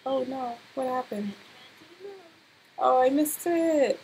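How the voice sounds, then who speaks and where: Excitable young woman narrating gameplay. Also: high voice, takes it slowly, slight background noise, poor audio. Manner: excitable, laughing, exclamatory reactions. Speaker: gameplay commentator. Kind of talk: casual let's-play commentary.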